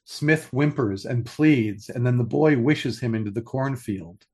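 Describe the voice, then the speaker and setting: An older man co-hosting a podcast in casual chat, pitching story ideas with enthusiasm and frequent restarts. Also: a little slow, a little mellow, slightly rough. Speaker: podcast co-host.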